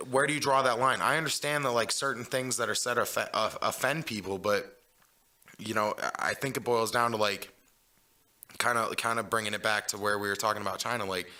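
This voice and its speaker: Bright-voiced profane man. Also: fairly low pitch. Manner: rambling, profane, full of "you know what I'm saying". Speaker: podcast host. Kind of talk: casual chat.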